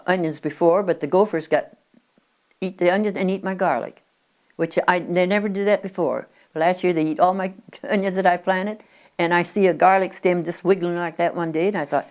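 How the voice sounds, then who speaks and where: Elderly woman in her nineties with a low voice, a rambling interviewee recalling the past. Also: steady tone, moderate pace, darkish tone. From Oregon, USA. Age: 90s. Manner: chatty, with frequent restarts and stumbles. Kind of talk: rambling reminiscing. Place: at her country home.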